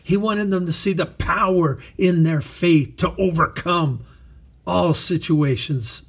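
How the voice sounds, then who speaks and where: A middle-aged man preaching a sermon as pastor, slow and emphatic, repeating phrases for weight. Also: high-pitched, fairly bright tone, slightly rough.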